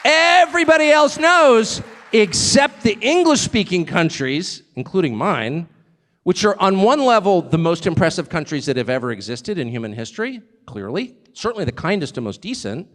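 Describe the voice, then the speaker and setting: A man giving an animated, sarcastic, off-the-cuff speech to a live audience. He digresses and laughs at his own jokes. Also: high voice, moderate pace, a faint crowd. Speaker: speaker addressing a live audience abroad. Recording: long reverb of a large hall.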